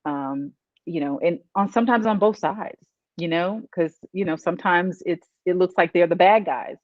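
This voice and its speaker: A man's voice: sits high, moderate pace, no room sound, lo-fi sound. A man hosting an interview, talking casually with lots of you-knows and restarts. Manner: rambling with many fillers and restarts. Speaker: interview host, event organizer.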